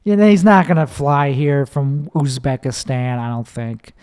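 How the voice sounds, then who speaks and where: A man's voice: medium pitch, lively intonation, normal speed, a little mellow, clear, resonant tone. A man hosting his own podcast, rambling casually and swearing freely as he tells a story. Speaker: podcast host. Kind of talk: casual solo monologue. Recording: long echoing reverb.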